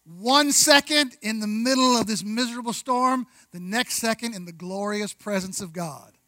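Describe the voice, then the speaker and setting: A man preaching a sermon, conversational, with rhetorical questions, asides and slow, deliberate emphasis on key words. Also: sits high, bright, forceful tone, no echo, rough recording. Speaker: pastor.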